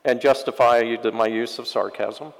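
A male pastor preaching a sermon with wry, sarcastic asides, swinging from loud passages to very quiet ones. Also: medium pitch, fairly even intonation, a little slow, gravelly, in a large hall, rough recording.

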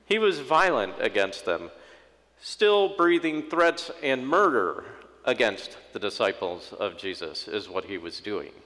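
A man preaching a sermon as pastor, in a relaxed conversational way with humorous asides and quoted inner thoughts. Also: on the low side, unhurried, long reverb tail.

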